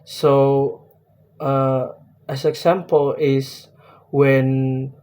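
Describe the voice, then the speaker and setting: Slow, hesitant young man presenting. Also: mid-range voice, steady tone, dark tone. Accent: Indonesian. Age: young adult. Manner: hesitant, many fillers and restarts. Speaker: student presenting a poem analysis. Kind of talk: spoken class presentation.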